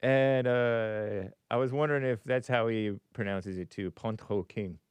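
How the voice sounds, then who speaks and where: A man's voice: medium pitch, measured pace, clean tone, dry recording. A man hosting a live call-in stream, musing aloud with frequent chuckles and reading viewer comments.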